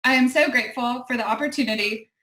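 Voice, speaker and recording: A woman's voice: on the high side, fast talker, sharp tone. A young woman in her twenties giving a composed graduation speech on a video call, telling a story about her start. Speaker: graduating audiology student. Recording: echoey room.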